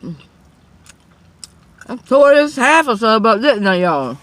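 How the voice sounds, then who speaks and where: Slow, lively-pitched woman eating in a car. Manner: chatty, addresses viewers, frequent murmurs of approval while eating. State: out of breath. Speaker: mukbang host. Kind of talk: casual eating-show chat.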